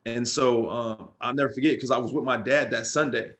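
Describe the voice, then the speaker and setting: A man's voice: medium pitch, fairly even intonation, a little fast, a bit bright. A middle-aged man, a former pro football player, tells stories in a loose, casual interview and keeps dropping "man" and "bro.".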